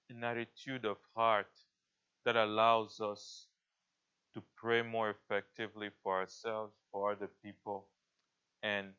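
A male pastor preaching a sermon in an earnest, halting way, often restarting his sentences. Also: medium pitch, bright, forceful tone, clear, resonant tone. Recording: dull lo-fi recording.

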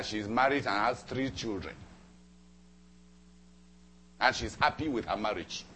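A man preaching a sermon, telling a personal story with dramatic repetition and emphatic swings between loud and soft. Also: on the low side, a little slow, slight background noise. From Cameroon. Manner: dramatic, repeats phrases for emphasis.

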